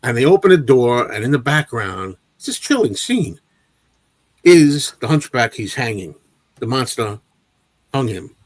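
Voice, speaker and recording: A man hosting a casual movie chat livestream, telling an animated anecdote with frequent restarts and repeated words. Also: medium pitch, unhurried, no room sound. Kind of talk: casual storytelling to a live chat.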